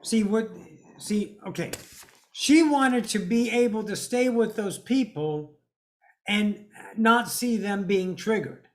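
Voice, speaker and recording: A woman giving a spiritual monologue, blunt and preachy, swearing freely and stretching out words for emphasis. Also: medium pitch. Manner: emphatic, drawn-out stresses. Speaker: spiritual teacher.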